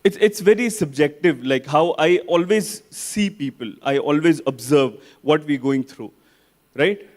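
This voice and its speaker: A man's voice: a little high, a little slow, darkish tone. A young man from South India doing stand-up at an awards event, Indian English with a Kannada accent, switching languages and acting out characters. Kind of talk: stand-up comedy.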